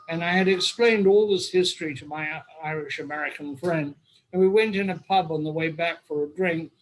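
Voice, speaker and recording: An older Englishman spins a wry, rambling story over a video call, his voice sitting a little high for a man. A faint hiss runs underneath. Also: rough recording. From England. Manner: wry, humorous raconteur. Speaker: host. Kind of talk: anecdotal storytelling.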